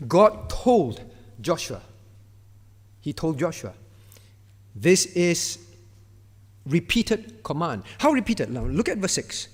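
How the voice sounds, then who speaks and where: A man's voice: fairly high pitch, big pitch swings, takes it slowly, pauses often, in a large hall. A man preaching a sermon as pastor, emphatic and repetitive, stressing key words and acting out divine commands in a firm voice. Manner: acts out God's words in a firm voice. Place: church.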